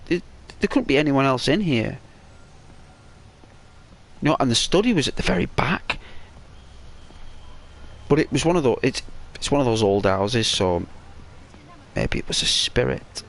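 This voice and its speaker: A man casually telling a rambling, halting story while commenting on a video game. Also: medium pitch, vocal fry. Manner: rambling, halting, excitable when retelling. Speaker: gaming commentator. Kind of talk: casual storytelling over gameplay.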